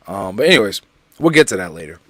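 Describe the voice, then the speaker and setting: Male podcast co-host, casual and slangy, animated delivery, dry mic. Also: low-pitched, fast, dry recording. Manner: animated, repeats himself, slangy.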